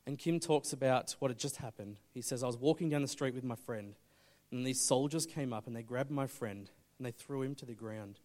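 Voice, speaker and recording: A man preaching a sermon, telling a story and swinging between urgent loud appeals and hushed, intense moments. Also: medium pitch, brisk, hardly any pauses. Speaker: pastor.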